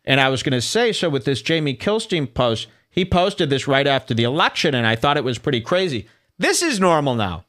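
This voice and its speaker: A man's voice: mid-range voice, sing-song, brisk, a bit bright. A man hosting a solo podcast, delivering incredulous, ranting commentary and reading social media posts aloud. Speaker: podcast host.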